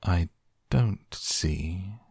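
Man voicing storybook caterpillar, languid, sleepy, curt, contemptuous, deep, gravelly. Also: drawn-out words, darkish tone, no room sound, clean studio sound, full character voice.

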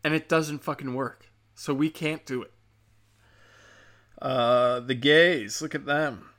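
A man's voice: mid-range voice, slow pace, a bit bright. A man hosting a show, ranting in profane, sarcastic commentary and mocking the people he talks about.

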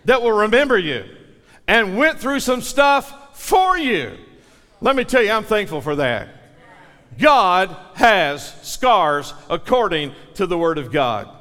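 A man preaching in a church sanctuary, his voice high and bright. He builds to forceful peaks and draws the congregation into repeating lines back to him, with a long reverb trailing behind. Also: very animated, slow. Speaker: pastor. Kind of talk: sermon.

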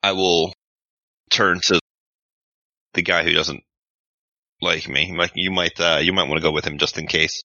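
A man plays his character in a tabletop game, casual and profane, often stumbling over his words. His voice is very deep yet sharply bright, and the recording is dry and slightly muffled. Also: steady tone, unhurried, long pauses, no echo. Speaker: player. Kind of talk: tabletop role-play.

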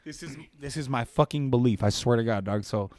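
A man's voice: mid-range voice, no room sound. A man telling a wild story on a podcast in a profane, slangy way, acting out what people said and repeating "dog" constantly. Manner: fast and excitable, acts out quotes. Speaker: podcast guest. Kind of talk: animated storytelling.

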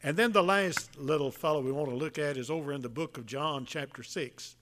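A man preaching a folksy sermon, telling a Bible story in a halting way with many filler sounds. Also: fairly high pitch, fairly bright tone, a little hiss or hum.

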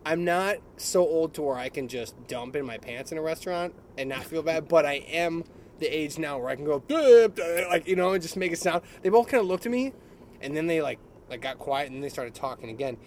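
A man's voice: on the high side, animated, brisk, a little hiss or hum. A middle-aged man telling a story in casual chat, laughing often and mimicking other people's voices. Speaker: podcast co-host.

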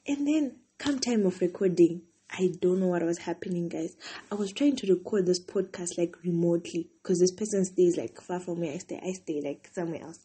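Tired, husky-voiced young woman. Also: fairly low pitch, fairly quick, warm tone. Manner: chatty, rambling, heavy use of "like". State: tired, yawning. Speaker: podcast host. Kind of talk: casual solo venting podcast.

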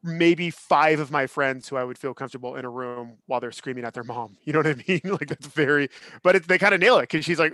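A man in his thirties co-hosting a podcast, chatting casually in an animated, opinionated way with lots of restarts. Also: a little high, fast, dry recording. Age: 30s. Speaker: podcast co-host. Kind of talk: casual chat.

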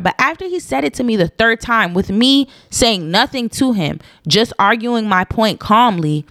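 A woman telling a personal story in a casual, animated monologue, stressing her points by repeating them. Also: on the high side, normal speed, hardly any pauses, no echo, studio quality. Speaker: storyteller recounting a personal incident.

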